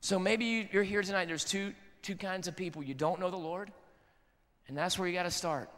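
Casting: casual young preacher, high bright voice, long reverb. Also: male voice, steady tone, a little fast. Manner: casual, conversational, earnest. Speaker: pastor. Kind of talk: sermon.

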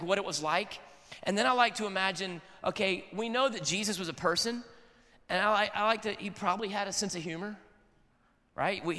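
Casting: casual young preacher, high bright voice, long reverb. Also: male voice. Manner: casual, conversational, earnest. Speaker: pastor. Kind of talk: sermon.

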